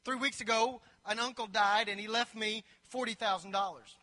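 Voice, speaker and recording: A man's voice: sits high, steady tone, moderate pace. A preacher doing a glum, moaning man. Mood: mournful. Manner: mournful, quietly complaining. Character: downcast man grumbling about lost windfalls. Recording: long reverb of a large hall.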